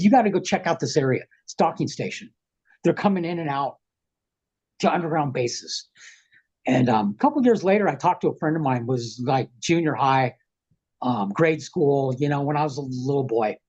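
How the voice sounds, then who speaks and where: A middle-aged man on a podcast, rambling through an animated, slangy story and acting out what people said. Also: on the high side, husky. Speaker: podcast guest. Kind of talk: casual storytelling.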